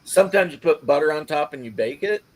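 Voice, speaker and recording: A man's voice: on the high side, expressive, fast. Rambling casual male streamer. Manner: loose, rambling, joking banter. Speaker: livestream host. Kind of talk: casual chat to stream viewers.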